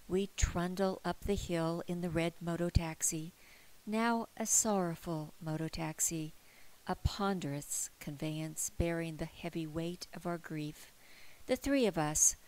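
Woman, lower pitch, reading her own story aloud in a soft, hushed storytelling voice. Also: low-quality recording. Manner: quiet, hushed storytelling, often near a whisper. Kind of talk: memoir reading.

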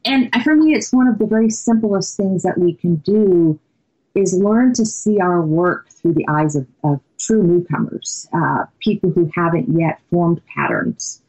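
Husky, low woman guest, lively conversational storyteller. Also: measured pace, low-quality recording. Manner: animated, many "you know" fillers. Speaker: podcast guest, author.

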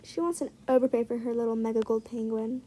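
A young woman giving casual, excitable commentary while trading in a game, often dropping into muttered asides. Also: fairly high pitch, fast talker, a little hiss or hum, rough recording. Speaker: gaming vlogger.

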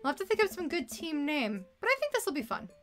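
A woman's voice: sits high, very animated, fast, over music. A young woman streaming a game, chatting casually and reading its text aloud, playful and fond of puns, rambling about food.

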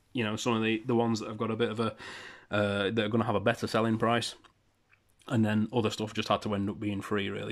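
A man in his thirties from the UK, casually rambling through a sales roundup for his channel with self-deprecating asides. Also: mid-range voice. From United Kingdom. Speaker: eBay reseller vlogger.

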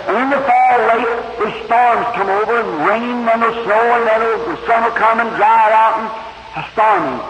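A man preaching a storytelling sermon, impassioned and rambling, his pitch and volume surging. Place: church hall. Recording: hissy echoey 1950s tape from a hall.

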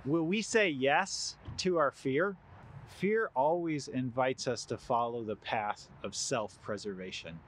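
A man preaching a sermon as pastor, retelling scripture with animated storytelling and acting out quoted lines. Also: medium pitch, a little slow, slight background noise.

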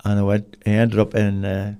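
A man's voice: lowish voice, completely flat delivery, moderate pace, warm tone, clear, resonant tone. An older man, a podcast guest telling rambling, colloquial stories in a casual interview. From Cork, Ireland.

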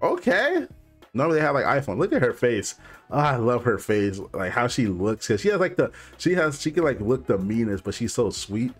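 Young male reaction host, casual and rambly, average pitch, light music underneath. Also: animated, brisk, breathy edge. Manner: loose, rambling, full of "like" fillers.

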